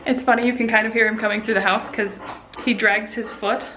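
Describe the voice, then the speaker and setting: A woman's voice: on the high side, level tone, brisk, pushed and bright. A woman in her thirties chatting casually in a home vlog, talking about her dogs. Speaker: vlogger. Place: home, indoors and yard. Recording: echoey room with music bed.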